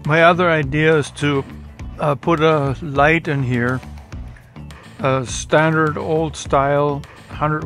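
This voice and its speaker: A middle-aged man chatting casually to camera from a chilly greenhouse in the early morning, relaxed and unhurried, sometimes eating as he talks. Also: mid-range voice. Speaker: YouTube vlogger. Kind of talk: casual vlog talk to camera.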